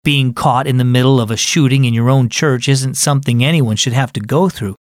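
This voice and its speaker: A man voicing a big, gentle uncle in a children's audio story, speaking earnestly and consolingly to his grieving nephew. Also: medium pitch, fairly quick, no echo, clean studio sound, lightly acted. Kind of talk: scripted children's radio drama.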